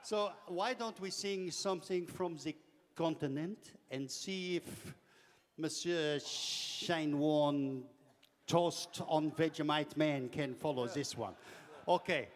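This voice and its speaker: A man playing a sly singing waiter who croons slowly. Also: fairly high pitch. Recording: loud music behind.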